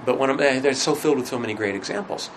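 A man teaching a religion class in a conversational lecture, asking rhetorical questions and often pausing with fillers. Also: mid-range voice, a little hiss or hum, rough recording.

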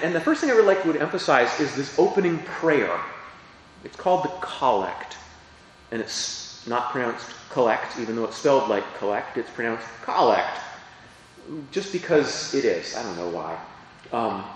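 A priest with a medium-pitched voice explains parts of the Mass in a chatty teaching talk, frequently posing questions to his listeners. The low-quality recording is very echoey, with a big-room sound.

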